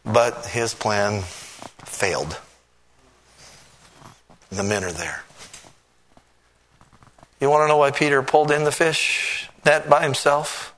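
A male preacher delivering a sermon, dramatic and swinging between hushed and loud passages. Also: mid-range voice, fairly even intonation, slow pace, long pauses.

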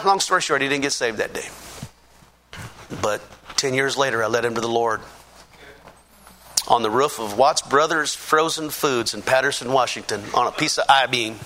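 A middle-aged man from the Pacific Northwest giving a lively personal testimony, poking fun at himself and acting out what people said. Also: medium pitch, a little hiss or hum. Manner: lively, self-mocking storyteller who acts out quotes. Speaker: church testimony speaker.

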